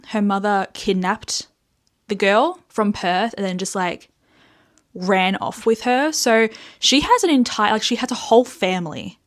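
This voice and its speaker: A young Australian woman hosting a casual book vlog, animated and sweary as she rants, with frequent laughs. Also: mid-range voice. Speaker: book reviewer host.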